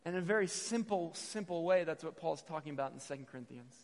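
A man in his thirties giving a sermon with personal stories, animated and repeating phrases for emphasis, sometimes stumbling over words. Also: a little high, brisk. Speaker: missionary preacher. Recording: long hall reverb.

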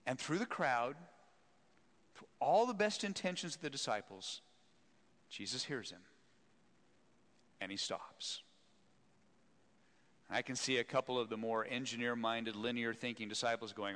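A male preacher telling a Bible story with an animated, swooping delivery and a bright, forceful tone. His fairly high voice carries a long reverb, as if he is recorded in a large hall. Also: a little slow, pauses often. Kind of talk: sermon storytelling.

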